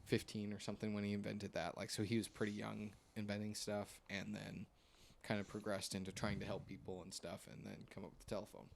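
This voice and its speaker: Rambling young man, slightly low voice. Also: monotone, fairly quick, gravelly, few pauses, a little hiss or hum. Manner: rambling, hesitant, lots of fillers. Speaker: podcast host. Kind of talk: casual chat.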